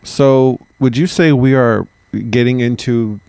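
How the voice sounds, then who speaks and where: A man's voice: medium pitch, slow pace, darkish tone, clean tone, no room sound. A man co-hosting a history podcast in a jokey way, swearing freely and laughing often. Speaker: podcast co-host. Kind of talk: casual history podcast chat.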